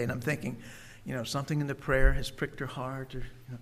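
An older man, a preacher, telling a personal story in a folksy, unhurried way with many pauses and fillers. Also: mid-range voice, little pitch movement.

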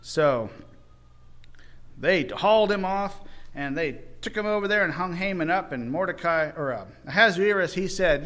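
High-voiced folksy man retelling a story. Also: a little slow. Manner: folksy, animated, acts out voices of characters. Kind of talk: informal Bible story retelling.

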